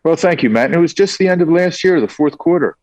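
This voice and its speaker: A man's voice: on the high side, expressive, fast talker, a little mellow, dry recording, highs cut off. An older man as an interview guest, telling stories with enthusiasm. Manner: enthusiastic storyteller. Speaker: guest, entrepreneur. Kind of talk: conversational interview.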